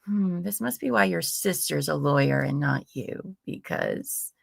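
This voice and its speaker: A woman with a low, gravelly voice hosts a live true crime stream from home. She reads transcript lines aloud in a casual, profane way and adds laughing asides. The sound is dry and close to the mic. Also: expressive, unhurried, no room sound. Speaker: true crime livestream host.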